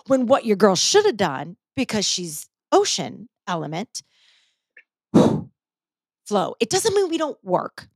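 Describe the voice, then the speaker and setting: A woman's voice: on the high side, animated, a little slow, no echo. A middle-aged woman hosting a podcast, chatting casually and animatedly, swearing freely and acting out her own past panic. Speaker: podcast host.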